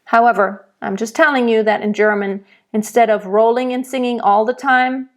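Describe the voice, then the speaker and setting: A woman's voice: on the high side, steady tone, moderate pace. A woman voice teacher giving a diction lesson for singers. She explains patiently, then demonstrates each word aloud with strongly stressed consonants. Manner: rolls and stresses German consonants in her demonstrations.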